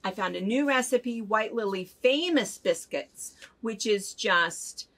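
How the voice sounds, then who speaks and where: A woman's voice: fairly high pitch, animated, slow, fairly bright tone. An older woman co-hosting a casual chat show, telling stories in a chatty way and laughing often as she goes. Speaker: co-host of a fabric shop chat show.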